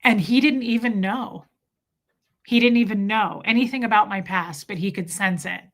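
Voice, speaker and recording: At a normal speed and in a mid-range voice, a livestream host shares a heartfelt story from her own life with her chat. She speaks confidingly and keeps restarting.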